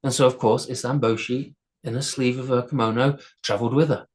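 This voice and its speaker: A man's voice: medium pitch, fairly even intonation, brisk. A male storyteller telling a folktale aloud, unscripted, with restarts and repeated words.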